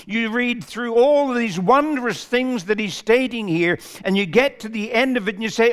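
A man preaching a sermon in a measured, emphatic way, building lists for effect. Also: very high voice, a bit bright, clear, resonant tone. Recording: long reverb of a large hall.

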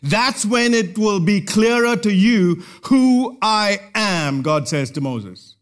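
A man with a high, expressive voice preaches an expository sermon. He teaches through a passage verse by verse, measured and punctuated by emphatic pauses.

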